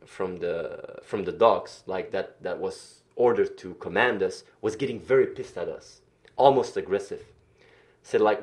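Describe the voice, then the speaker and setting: A man telling a story on a livestream, animated, swearing, often restarting his sentences. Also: lowish voice. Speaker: streamer.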